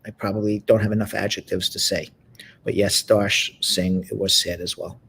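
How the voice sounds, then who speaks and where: A man's voice: lowish voice, steady tone, moderate pace, creaky, pushed and bright, husky. A man hosting a live talk show, chatting casually and laughing easily. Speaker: host.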